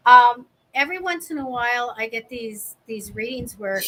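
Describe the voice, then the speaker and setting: A woman's voice: fairly high pitch, lively intonation, fairly bright tone, poor audio. A woman co-hosting a live show, reading tarot cards in an upbeat, playful way. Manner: upbeat, playful, quick laughs. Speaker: psychic reader, co-host.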